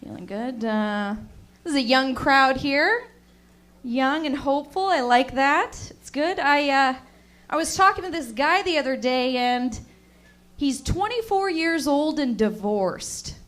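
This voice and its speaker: A young woman works through a stand-up set with dry, deadpan asides to the crowd. Her voice sits high, and her delivery stays flat and unhurried. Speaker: stand-up comedian.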